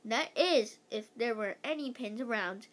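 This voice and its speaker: A woman reading a children's chapter book aloud, lively, with occasional slips and restarts. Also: fairly high pitch, a little slow. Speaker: read-aloud host.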